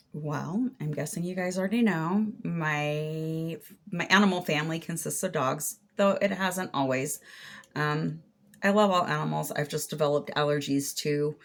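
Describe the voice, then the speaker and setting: A woman's voice: sits low, vocal fry. A middle-aged woman crochet vlogger answering questions in a casual, chatty way, thinking aloud as she goes. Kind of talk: casual Q&A vlog.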